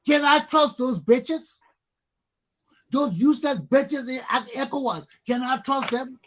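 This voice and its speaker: Angry husky-voiced man ranting. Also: very high voice, unhurried, fairly bright tone. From Liberia. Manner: angry, profane, repeating himself, rhetorical questions. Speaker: talk show host. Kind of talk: heated talk show rant.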